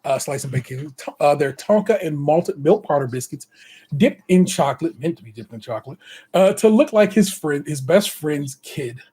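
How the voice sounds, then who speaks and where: A man's voice: on the high side, lively intonation, normal speed, warm tone, husky. A man co-hosting a podcast, running through notes in casual, slang-heavy banter and laughing often. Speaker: podcast co-host. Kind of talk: casual chat.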